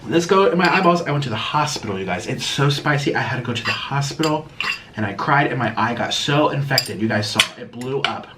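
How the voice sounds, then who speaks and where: A man chatting casually through a mukbang eating vlog, dramatic and swinging between low mumbles and excited yelps. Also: brisk, background noise. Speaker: mukbang vlogger.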